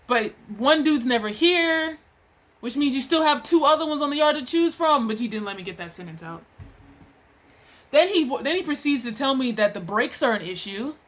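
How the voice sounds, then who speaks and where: A woman's voice: on the high side, fairly bright tone. A woman telling a story about a clash at work in a casual, exasperated, chatty way.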